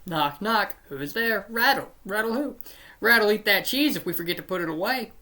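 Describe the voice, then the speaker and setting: A channel host with a medium-pitched, expressive voice speaks at normal speed, sounding pushed and bright. She reads jokes aloud one after the other and, unimpressed, interrupts to grumble that they are not funny.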